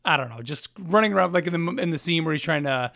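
A man chatting casually as a podcast co-host, animated and acting out quoted lines. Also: fairly high pitch, fast, gravelly. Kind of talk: casual chat.

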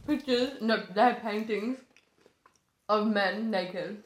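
A woman's voice: medium pitch, slow pace. A woman hosting a casual podcast chat, telling stories with lots of swearing and laughter. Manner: animated storyteller, swears freely, laughs often. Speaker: podcast host. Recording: echoey room.

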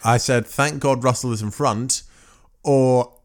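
A man's voice: medium pitch, fairly even intonation, measured pace. A man co-hosting a podcast in casual chat, rambling and correcting himself as he jokes through a game show recap. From England. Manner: rambling, self-correcting, joking. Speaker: podcast co-host.

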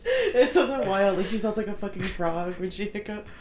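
A woman's voice: medium pitch, very animated, fairly quick. A young woman in casual chat with friends, blunt and swearing, laughing often. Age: young adult. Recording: clear background noise.

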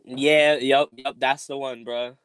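A man's voice: medium pitch, level tone, slow, a bit bright, smooth. A man co-hosting a podcast, joking around in loose, slangy casual chat. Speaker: podcast co-host.

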